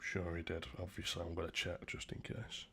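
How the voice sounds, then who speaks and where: A man's voice: deep voice, monotone, normal speed, a bit bright, a little hiss or hum. A young man livestreaming from a room at home, chatting casually with his viewers in a crude, rambling way and swearing a lot. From Britain.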